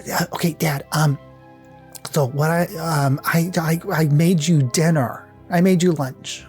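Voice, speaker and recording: A man voicing a sweet little girl who worries about her dad, speaking in a raised, halting voice full of stammers. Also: fairly even intonation, a little mellow, faint music behind, close to an everyday voice. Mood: flustered. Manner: higher pitched, halting and stammering.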